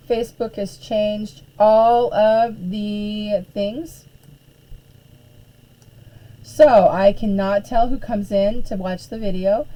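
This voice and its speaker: Hoarse, chatty woman with a low-key tone. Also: warm tone, low-quality recording. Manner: chatty, frequent throat clearing and fillers. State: losing her voice, hoarse. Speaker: art teacher hosting a live stream. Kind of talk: casual live-stream chat.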